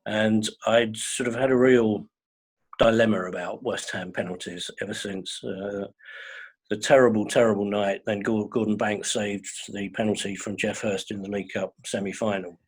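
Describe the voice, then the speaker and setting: Husky older man, wry storyteller. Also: on the low side, fairly even intonation, normal speed. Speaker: guest fan. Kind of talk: casual chat.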